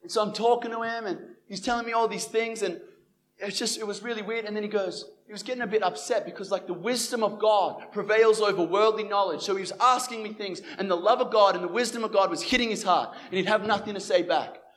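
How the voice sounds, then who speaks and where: This Christian evangelist is a young man whose high voice moves fast over a faint hiss or hum. Telling his personal faith testimony, he's animated and performs the lines of dialogue he quotes.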